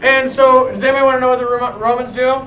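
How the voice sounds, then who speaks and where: A man's voice: very high-pitched, steady tone, racing, a bit bright. A man teaching a history class, telling a story to his students with frequent restarts. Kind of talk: classroom lecture. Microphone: far camera. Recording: echoey classroom from far off.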